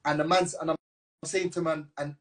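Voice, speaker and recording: A man's voice: fairly high pitch, steady tone, normal speed. A man with a South London accent who interviews his guest in casual chat, asking long, rambling questions and tagging "yeah?" onto his points. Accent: South London, London slang.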